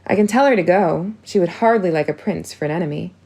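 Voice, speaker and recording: A woman's voice: on the low side, quick pace, creaky, darkish tone, slightly rough. A woman reading an audiobook, voicing a cheerful, playful young prince.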